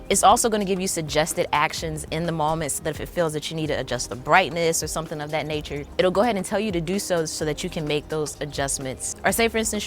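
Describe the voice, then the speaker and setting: A woman hosting a casual tech vlog, chatty and excited, often saying "like". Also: deep voice. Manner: chatty, enthusiastic, lots of "like" fillers. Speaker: tech vlogger.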